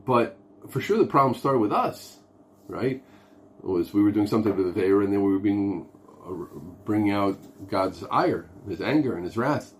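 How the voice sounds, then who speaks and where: A rabbi gives an informal, earnest lesson on prayer, acting out pleading voices and filling his English with Hebrew and Yiddish terms. His voice is lowish and animated at a normal speed, with slight background noise.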